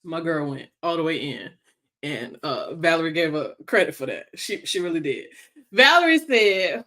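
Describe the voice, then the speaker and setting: A woman leading her sales team's meeting in a casual livestream, chatty and teasing as she works through sums out loud. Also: sits low, sing-song, normal speed. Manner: chatty, teasing, thinks aloud while working sums. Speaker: sales team leader.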